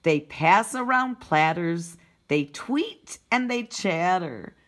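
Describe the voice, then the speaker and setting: A preschool teacher, a woman, reading a picture book aloud to young children, gently asking them questions and explaining words. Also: lowish voice, lively intonation, slow pace.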